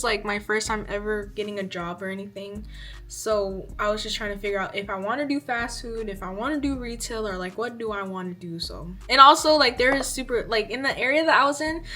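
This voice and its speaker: A woman in her twenties chatting casually to camera, telling a story and acting out her own reactions with lively emphasis. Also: a little high. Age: 20s. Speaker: vlogger.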